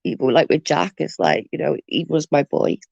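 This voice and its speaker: A woman's voice: sits low, moderate pace, creaky, darkish tone, no echo, highs cut off. A woman with a Welsh accent chatting casually on a live stream, greeting viewers by name in an earnest, emotional way. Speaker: livestream host.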